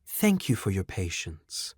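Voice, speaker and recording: Casting note: an unsettlingly soothing, courteous robot in an audiobook, measured and formal, with a lively, dry delivery, read by a man. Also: deep voice, dry recording, full character voice. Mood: eerily polite. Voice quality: smooth, impeccably humanlike, too calm and soothing. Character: calm, polite humanoid robot with male voice.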